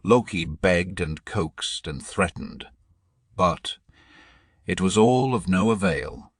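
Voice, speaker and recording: A male narrator reading a storybook audiobook in a measured, dramatic way. His voice is very low and husky, and he takes his time. The sound is close and dry, as from a studio booth. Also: lively intonation, dry recording.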